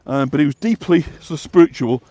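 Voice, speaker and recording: A man's voice: fairly high pitch, brisk, warm tone, no room sound. A man from West Yorkshire chatting and explaining as he walks along an outdoor path, rambling with many fillers and restarts. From West Yorkshire, England. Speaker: walking guide and vlog host. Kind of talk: casual explanatory chat while walking.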